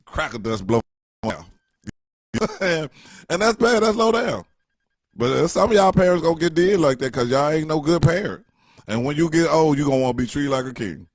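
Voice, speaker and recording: A man's voice: a little high, expressive, fast, no echo, clean studio sound. A middle-aged man telling a rambling, joking story in casual slang. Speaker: vlogger.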